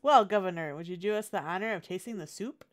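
A woman voicing an older small-town male mayor who speaks in a folksy, formal speechmaking way with a lowered voice. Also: fast talker, a little hiss or hum, natural voice. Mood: ceremonial.

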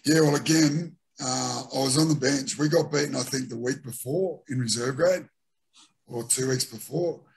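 A man's voice: medium pitch, normal speed, creaky, slightly rough. A middle-aged Australian former rugby league player telling stories from his career in a casual interview, re-enacting what teammates said. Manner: animated anecdotes with re-enacted quotes.

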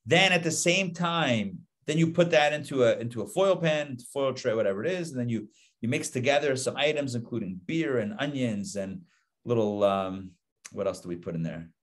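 A middle-aged man, a rabbi, teaching a casual live Torah class, animated and conversational, asking rhetorical questions and repeating himself. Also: medium pitch, normal speed.

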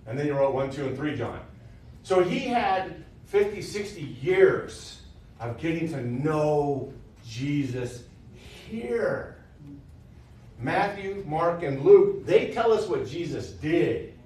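A man's voice: a little high, big pitch swings, slow pace, a little mellow, heavy reverb, recorded from a distance. A man teaching an informal sermon to a live audience, talking conversationally, repeating key phrases and laughing with the listeners. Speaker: preacher teaching a session.

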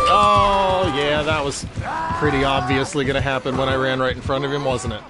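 A man's voice: medium pitch, steady tone, normal speed, loud music behind the voice. A man giving playful, self-mocking commentary while playing a video game, exclaiming and talking to the other players. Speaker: gaming streamer. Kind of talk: let's-play commentary.

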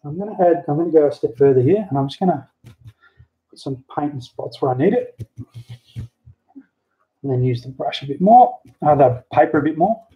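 A man giving a relaxed, chatty how-to while working on a hobby model at home, talking into a handheld camera. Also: fairly high pitch, normal speed, long pauses. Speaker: hobby model builder, channel host. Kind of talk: casual how-to crafting chat. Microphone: handheld camera mic. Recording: dull lo-fi camera audio.

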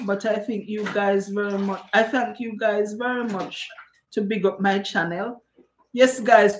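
A woman's voice: mid-range voice, a little hiss or hum. Chatty woman in echoey kitchen. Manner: chatty, warm greetings to viewers by name. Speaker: cooking stream host. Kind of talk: live-stream chat, reading out viewer comments. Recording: echoey room.

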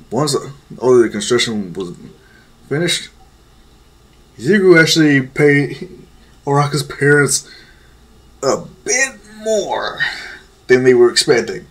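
A man's voice: medium pitch, big pitch swings, a little slow, pauses often, slightly rough. A man casually telling an improvised fan story with a rambling manner.

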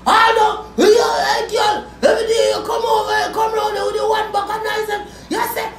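A woman with a Jamaican accent delivering a loud, profane comedic rant, often shouting. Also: extremely high pitch, expressive, moderate pace, hardly any pauses, soft background music. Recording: roomy, distant from mic.

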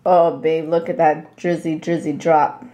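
A woman's voice: low voice, level tone, a little slow, reverberant, noisy background. Playful woman vlogging at dinner. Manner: playful and teasing, laughs often. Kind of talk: casual family chat. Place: home kitchen at dinner.

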